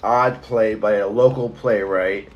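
A man's voice: fairly low pitch, fairly even intonation, unhurried, highs cut off. A man chatting casually on a podcast, rambling and self-deprecating, laughing often. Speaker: podcast host. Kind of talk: casual chat.

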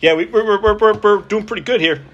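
A man's voice: sits high, quick pace, dull audio. A man co-hosting a podcast in casual chat, easygoing and teasing. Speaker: podcast co-host.

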